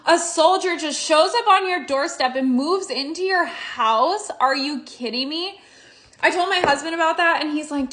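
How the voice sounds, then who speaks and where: A high-pitched young woman chats through a book review with a bright, ringing voice. She gushes emotionally and swears casually, like a friend recounting a novel she loved. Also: lively intonation, normal speed.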